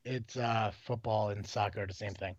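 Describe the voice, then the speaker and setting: A man's voice: fairly low pitch, fairly even intonation, moderate pace, no room sound. A man from Illinois hosting a casual podcast, rambling and joking with lots of swearing. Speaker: podcast host. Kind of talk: casual chat. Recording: dull, dry, lo-fi sound.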